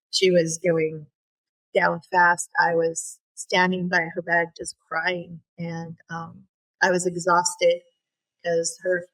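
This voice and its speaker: A middle-aged woman telling a personal story as a podcast guest. She speaks earnestly and haltingly, with many fillers and restarts. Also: on the low side, fairly bright tone, poor audio.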